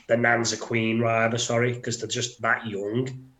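A man's voice: medium pitch, level tone, unhurried, fairly bright tone. Heated, foul-mouthed man, roomy sound. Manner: heated, swears a lot, ranting. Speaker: podcast co-host. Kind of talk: casual chat. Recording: roomy echo.

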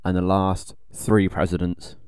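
A man co-hosting a podcast, joining in with quick, joking quips as casual banter. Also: low voice, monotone, a little mellow, smooth, no room sound, studio quality. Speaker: podcast co-host.

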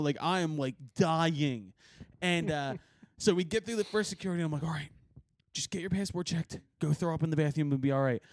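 A man with a high voice rambles through a story in slangy podcast chat, breaking into laughter often. The sound is close and dry, with no room around it. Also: no echo. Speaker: podcast host. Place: podcast recording.

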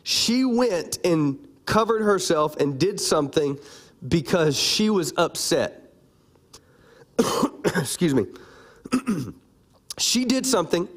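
Male pastor, sermon delivery, animated and teasing with the room, voice a touch high. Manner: animated, playful, calls out to the congregation.

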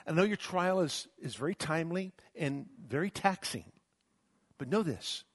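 A man's voice: on the high side, animated, normal speed, breathy edge, dry recording, clean studio sound. A middle-aged male pastor preaching a sermon, swinging from emphatic rises to near-whispers, often restarting his words. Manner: repeats words and restarts mid-phrase.

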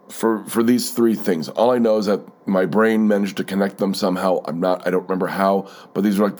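Male solo podcaster, low-ish voice, rambling and sardonic, swears freely, slightly stuffy nose. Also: darkish tone. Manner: rambling, profane, sardonic storytelling with many fillers. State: stuffy, keeps blowing his nose. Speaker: podcast host.

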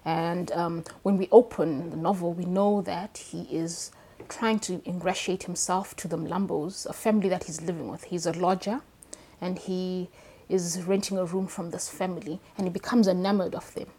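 Thoughtful, lower-pitched woman novelist. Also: moderate pace, slightly rough. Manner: thoughtful, animated when excited, frequent fillers. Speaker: novelist guest. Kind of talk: conversational interview with a read-aloud passage.

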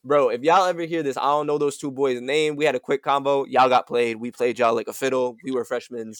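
A man's voice: mid-range voice, steady tone, brisk, clear, resonant tone, dry recording, clean studio sound. A young man hosting a casual podcast chat, telling a laid-back, slang-filled story. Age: young adult. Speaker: podcast host.

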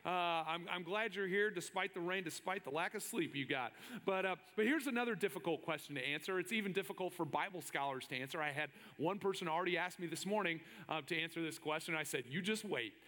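Bright-voiced joking male pastor. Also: sits high, fast talker, hardly any pauses, long reverb tail. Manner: joking, conversational, many restarts. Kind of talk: sermon.

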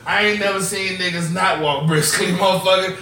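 High bright jokey guy, off-mic in an echoey room. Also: steady tone, recorded from a distance. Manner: joking, quick comebacks. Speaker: podcast co-host. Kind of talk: casual chat. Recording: roomy, from off-mic, faint noise.

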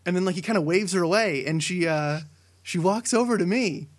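A young man co-hosting a casual podcast, telling a long story with many fillers that builds to excited shouting. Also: high voice, fairly quick. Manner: rambling tall tale, building to excited shouting. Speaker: podcast co-host.

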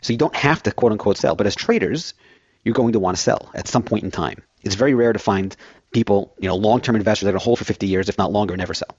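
A man's voice: on the low side, quick pace, darkish tone, husky, no echo, dull audio. A man filling in as host of a financial radio show, rambling through everyday analogies.

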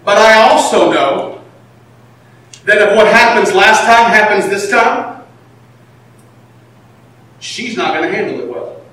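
A male pastor preaching, swinging between shouted emphasis and hushed confession. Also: sits high, animated, slow pace, pauses often. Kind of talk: sermon. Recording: echoey hall from far off.

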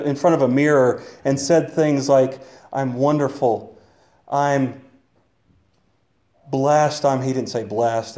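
A man's voice: on the high side, warm tone. A young adult man preaching an earnest sermon, rising into exclamations. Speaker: pastor.

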